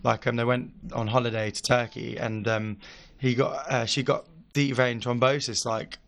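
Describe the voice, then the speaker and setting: A man's voice: mid-range voice, level tone, moderate pace, gravelly, fairly bright tone. A young man, a podcast guest telling a long story in a rambling way, full of fillers. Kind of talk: casual chat.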